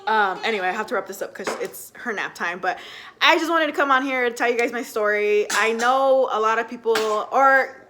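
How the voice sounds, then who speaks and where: Chatty young woman vlogger, higher voice. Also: brisk, slight background noise. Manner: chatty, animated, full of fillers. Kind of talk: casual storytelling to camera.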